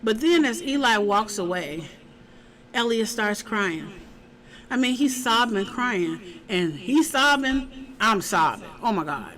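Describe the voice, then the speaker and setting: A woman casually recapping a TV episode, chatty and animated, acting out the characters' lines as she retells the scenes. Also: on the high side, slow, poor audio. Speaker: TV show reviewer.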